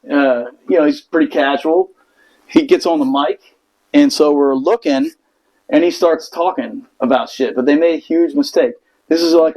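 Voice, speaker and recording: Man, Marine veteran, casual storytelling, profane, laughs often, slightly high pitch. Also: darkish tone, poor audio. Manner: profane, laughs through his stories. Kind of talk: casual chat.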